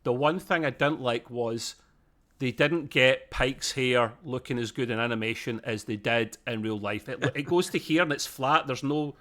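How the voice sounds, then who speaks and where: A man's voice: mid-range voice, moderate pace, fairly bright tone. A man co-hosting a podcast, talking through a review in a casual, rambling way that often digresses. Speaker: podcast co-host.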